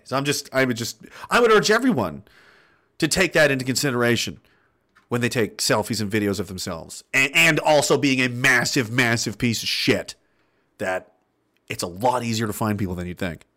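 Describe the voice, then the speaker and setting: Male host, thirties, profane, sarcastic, lively swinging pitch. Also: brisk. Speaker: stream host reading chat. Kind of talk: casual livestream rant.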